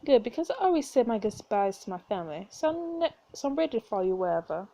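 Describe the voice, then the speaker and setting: A woman's voice: fairly high pitch, very animated, fast, dark tone. A woman voicing a cheerful, loyal young best friend in a story game, upbeat and reassuring.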